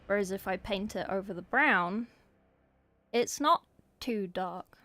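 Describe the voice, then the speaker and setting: A woman's voice: medium pitch, a little slow, pushed and bright. Chatty young woman streaming her painting. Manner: chatty, answers viewer chat while working. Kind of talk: casual livestream painting chat. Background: faint background music.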